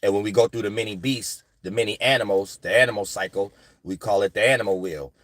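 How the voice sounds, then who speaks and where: A man's voice: lowish voice, steady tone, fast talker, fairly bright tone, dry recording. Rambling man with a dry close sound. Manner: rambling, repeats "you know what I'm saying". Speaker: astrology channel host. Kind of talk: casual spiritual monologue.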